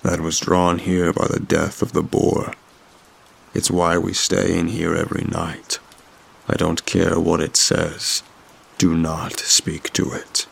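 A man voicing a stern, fearful man hiding in a cave, who speaks low and hisses through gritted teeth. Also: completely flat delivery, slow pace, gravelly, breathy edge, heavily acted. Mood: grim.

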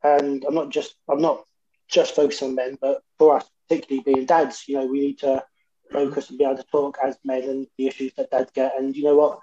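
A man's voice: mid-range voice, little pitch movement, fairly quick, dark tone, highs cut off. A man, co-hosting a podcast and speaking in a heartfelt, hesitant way with many fillers. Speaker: podcast co-host. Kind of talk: casual podcast chat.

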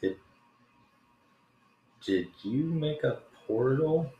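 Stammering low-voiced man, lively pitch. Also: very slow, dull audio. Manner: bewildered, stammering reactions. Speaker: player. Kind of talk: tabletop role-play chat. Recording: echoey room.

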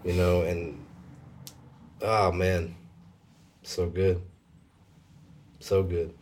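A man telling a personal faith story in a casual conversation, emotional and halting, with many fillers. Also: deep voice, level tone, darkish tone, slight background noise.

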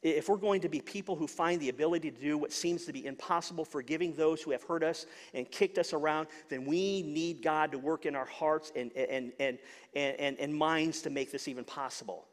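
Male pastor, higher voice, earnest sermon delivery with stumbles and repeats, long hall reverb. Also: fairly quick. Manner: earnest, repeats words when searching for them.

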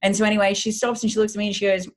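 A woman in her thirties, a fitness coach and guest, telling her story in a casual interview in a blunt, profane, animated way. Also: medium pitch, very fast.

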